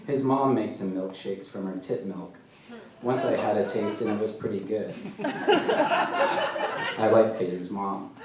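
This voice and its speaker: A man as an author at a live literary reading, telling his story in a dry, deadpan way, recorded from far off in a large hall. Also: on the low side, slow, long pauses, a loud crowd. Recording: echoey hall, mic far off, faint noise.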